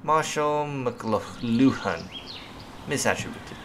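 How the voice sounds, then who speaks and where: A man's voice: mid-range voice, expressive, slow, background noise. A man casually commenting while he plays a game, playful and chatty, often exclaiming. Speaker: gamer. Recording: loud music behind.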